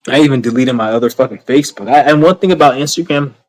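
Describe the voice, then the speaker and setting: A man's voice: medium pitch, quick pace, rough recording. A man ranting to his camera in a blunt, rambling, heavily profane way, repeating himself as he goes. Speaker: vlogger.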